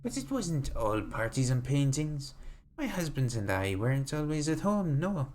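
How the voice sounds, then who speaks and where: A streamer voicing a sweetly sinister old grandmother, reading slowly in a doting, sing-song manner from a desk mic at home. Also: medium pitch, very animated, a little mellow, a little hiss or hum, close to an everyday voice. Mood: creepy doting. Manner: slow, sing-song, doting "dearie" refrain. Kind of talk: reading a game note aloud in character.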